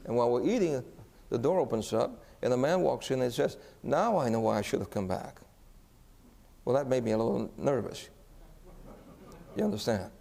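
A man's voice: medium pitch, lively intonation, moderate pace, gravelly, warm tone. A man preaching as a pastor, telling a story earnestly and asking the congregation questions. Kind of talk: sermon storytelling. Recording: echoey hall.

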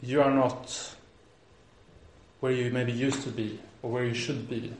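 A man preacher telling a story in a sermon, with a lively, animated delivery and frequent restarts. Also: medium pitch, measured pace. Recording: roomy echo.

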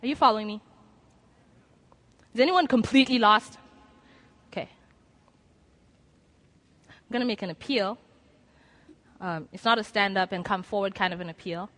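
A woman's voice: mid-range voice, normal speed, pauses often, a bit bright. A woman preaching a sermon to a gathered audience, earnest and conversational, acting out inner voices as she makes an appeal. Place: lecture room before an audience.

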